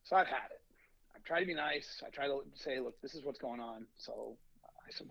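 A man's voice: medium pitch, normal speed, vocal fry, breathy edge, no room sound, dull audio. A man, a youth baseball coach, telling a long story on a podcast and acting out the lines of the people in it. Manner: animated anecdote, acting out quoted lines.

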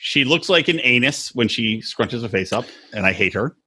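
A man's voice: mid-range voice, lively intonation, normal speed, pushed and bright, husky. A man co-hosting a casual podcast, crude and mocking, who acts out the people he quotes in silly voices. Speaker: podcast co-host. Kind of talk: casual chat.

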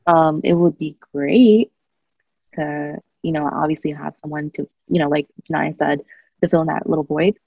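Low, gravelly husky woman. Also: fairly even intonation, moderate pace, no room sound, muffled recording. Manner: thoughtful, frequent "you know" and "like". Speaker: discussion participant. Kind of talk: casual group discussion.

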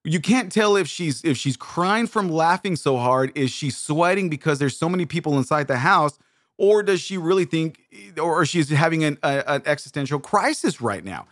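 A man telling a comedic story in a rambling, animated way, often restarting his sentences. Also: fairly high pitch, normal speed, no room sound, clean studio sound. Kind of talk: comedic monologue.

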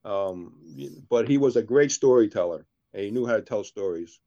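A man's voice: fairly low pitch, expressive, normal speed, mellow. Man telling jokes on lo-fi audio. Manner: tells long jokes, acting out characters' voices. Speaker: co-host. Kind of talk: casual joke-telling. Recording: dull lo-fi sound.

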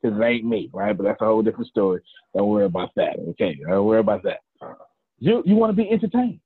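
Southern man in his forties, husky voice, dry phone-like call audio, folksy motivational coach. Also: fairly low pitch, animated, quick pace, no room sound. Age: 40s. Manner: folksy, repeats phrases, counts down, teases listeners. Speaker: coach hosting a group call. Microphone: video call.

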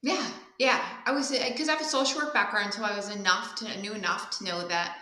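A woman guest telling personal stories in a candid, animated way, laughing often during the interview. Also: medium pitch, brisk, reverberant, low-quality recording. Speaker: guest speaker and coach. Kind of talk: casual interview storytelling.

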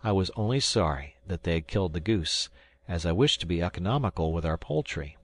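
Male audiobook narrator, measured storytelling, low voice, animated delivery. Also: no echo. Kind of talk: scripted first-person narration.

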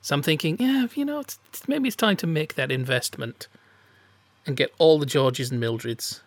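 A man's voice: on the high side, animated, moderate pace, no room sound. A man co-hosting a podcast, talking in a wry, sardonic way with dry humour. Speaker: podcast co-host. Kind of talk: casual chat.

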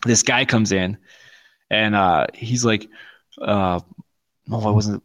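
A man's voice: on the low side, takes it slowly. A man telling a long story in casual podcast chat, swearing freely and acting out what everyone said. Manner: profane, animated storytelling with quoted voices. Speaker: podcast co-host.

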